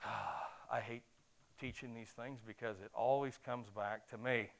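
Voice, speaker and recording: Animated man preaching a sermon. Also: mid-range voice, unhurried, vocal fry. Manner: animated, conversational, asks the audience questions.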